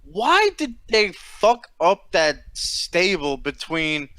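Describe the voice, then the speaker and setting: Bright, lively-pitched slangy man. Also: slow, dry recording. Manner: profane, slangy, exclamatory. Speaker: co-host. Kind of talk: casual wrestling chat.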